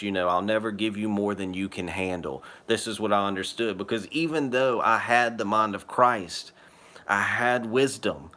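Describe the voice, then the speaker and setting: A man's voice: on the low side, fairly bright tone. A man telling his personal religious testimony in an earnest, rambling, casual way. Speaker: testimony speaker.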